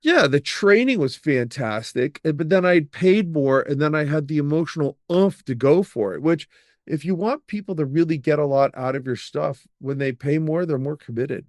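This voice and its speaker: A middle-aged man, a podcast guest, telling long personal stories in a lively, rambling way, with many fillers and restarts. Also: on the high side, moderate pace, dry recording, studio quality. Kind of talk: storytelling in an interview.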